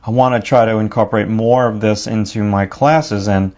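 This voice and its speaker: A lower-voiced man with a New York accent talks through a drawing lesson as he works. His delivery is loose and conversational, full of asides. The recording sounds slightly dull and lo-fi. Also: steady tone, moderate pace, a little mellow. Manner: casual, thinking aloud while working. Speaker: drawing teacher. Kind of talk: narrated drawing tutorial.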